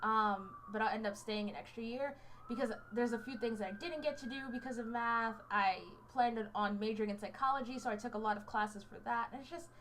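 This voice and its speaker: Rambling young woman, slightly high voice. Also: brisk, a bit bright, slight background noise. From United States. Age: 20s. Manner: rambling storyteller, many fillers and restarts; fidgety. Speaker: college student vlogger. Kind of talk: casual chat. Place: indoors under a hot light.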